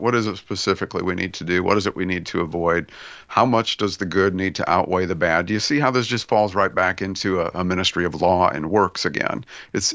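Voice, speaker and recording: A man's voice: fairly low pitch, vocal fry, a bit bright, no echo. A man co-hosting a podcast, discussing faith in a reflective, searching way and repeating words as he thinks aloud. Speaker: podcast co-host. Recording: dull lo-fi dry sound.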